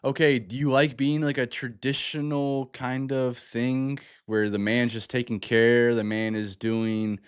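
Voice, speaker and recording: A man's voice: medium pitch, flat delivery, a little slow, few pauses, clean tone, no room sound, studio quality. A man hosting a music reaction video, thinking aloud in a casual, hesitant way and often restarting his sentences. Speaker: music reaction channel host. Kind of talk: casual first-listen album reaction.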